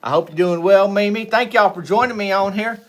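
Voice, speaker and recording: A man hosting a casual livestream, rambling and joking with viewers, swinging between loud greetings and low asides. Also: fairly quick. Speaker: livestream host. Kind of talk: casual live chat with viewers.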